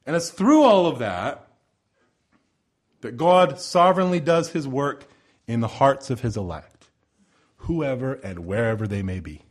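Impassioned male preacher with lively pitch. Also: breathy edge. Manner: impassioned, swinging between loud pleading and soft low asides. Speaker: pastor. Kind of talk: sermon. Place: church with a sound system. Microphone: church sound system microphone.

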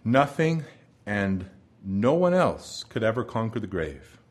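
A pastor with a fairly low male voice preaches a sermon slowly and very animatedly. He shifts between soft, hushed lines and loud proclamations.

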